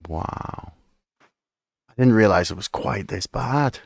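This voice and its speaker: Brief male podcast host, deep gravelly voice, slow short reactions. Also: lively intonation, no room sound, clean studio sound. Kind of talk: casual interview chat.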